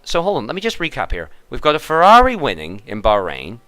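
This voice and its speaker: A man's voice: medium pitch, wildly swooping pitch, brisk, sharp tone. A man giving chatty, jokey commentary on a sim race.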